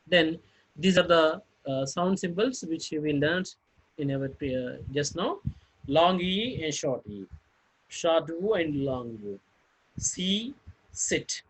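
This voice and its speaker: A man teaching a phonetics lesson, spelling out words letter by letter and pausing often on fillers. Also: fairly high pitch, animated, husky, low-quality recording. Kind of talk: phonetics lecture.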